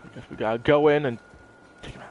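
A man doing casual let's-play commentary, excitable and goofy, playfully scolding characters in the game. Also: a little high, quick pace, highs cut off, slight background noise. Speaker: gameplay commentator.

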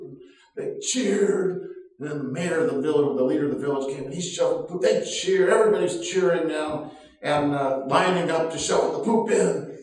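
A man pastor telling a story in a sermon, laughing often at his own anecdote. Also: on the high side. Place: church sanctuary. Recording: very echoey room, voice from far off.

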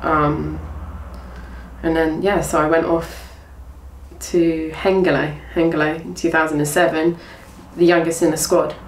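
A young woman from England, a former athlete, tells her story in a chatty, rambling way, full of restarts and reported speech. Her voice sits a little low. The recording is roomy and echoey, with the mic set well back and faint noise behind. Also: level tone, a little slow, far from the mic. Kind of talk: casual storytelling interview.

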